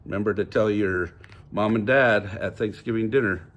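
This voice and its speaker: An older man reading a children's picture book aloud, gently voicing each character. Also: fairly low pitch, normal speed. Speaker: storybook reader.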